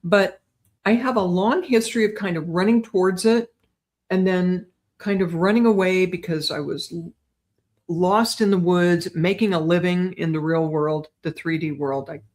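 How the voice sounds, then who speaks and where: An older woman, a guest on an interview show, chatting in a lively way and often checking in with "right?". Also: lowish voice, normal speed. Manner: chatty, animated, tags lines with "right?". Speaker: guest psychic medium. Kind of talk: casual storytelling interview.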